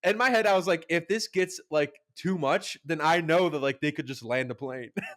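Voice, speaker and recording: A young man with a fairly high voice chats casually on a podcast. He rambles through stories, leans on "like" constantly, swears freely and acts out what people said. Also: moderate pace, fairly bright tone. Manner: rambling storyteller, heavy filler "like", swears, acts out quotes. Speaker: podcast co-host. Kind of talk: casual chat.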